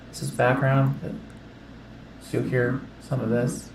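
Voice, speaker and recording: A man's voice: mid-range voice, little pitch movement, music in the background. Man hosting a livestream from a roomy space. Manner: instructing, quick bursts of talk. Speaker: livestream host. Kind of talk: casual behind-the-scenes setup chat. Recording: roomy distant mic with faint ambience.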